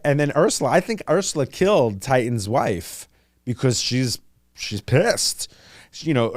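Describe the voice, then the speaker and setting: Rambling, animated podcast host, a man. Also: medium pitch, no room sound, clean studio sound. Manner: rambling and animated, heavy on fillers. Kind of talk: casual chat.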